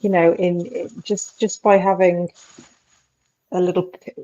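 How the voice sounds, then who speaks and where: A woman's voice: lowish voice, little pitch movement, a little slow, mellow. A woman chatting casually, rambling with many fillers. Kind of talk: casual chat. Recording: dull lo-fi sound.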